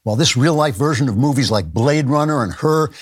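An older man hosting a show, delivering scripted satire in a dry, mock-solemn deadpan. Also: medium pitch, a little fast, breathy edge. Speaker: satirical host.

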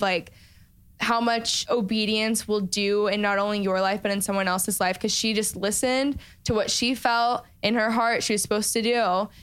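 A young woman hosting a podcast, chatting in a relaxed, reflective way about faith. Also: mid-range voice, clear, resonant tone. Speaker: podcast host. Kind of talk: casual podcast chat.

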